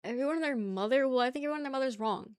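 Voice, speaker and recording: A woman's voice: high voice, very fast, clean tone, no echo, clean studio sound. Laughing young woman with a New York accent. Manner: teasing, laughs often, argues playfully. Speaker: streamer. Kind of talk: casual chat with viewers.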